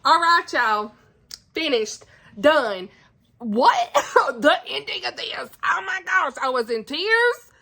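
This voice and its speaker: At home indoors, a woman vlogs casually into her phone camera about a book, gushing, getting emotional and laughing often. Her high voice is pushed and bright, with big pitch swings and a slow pace, and she says "like" a lot.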